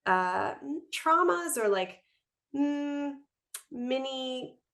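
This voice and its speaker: A woman guest on a podcast, chatting casually and telling her stories in a lively way, often breaking into laughter. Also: high voice, extremely slow. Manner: animated storyteller, laughs often. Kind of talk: casual conversation.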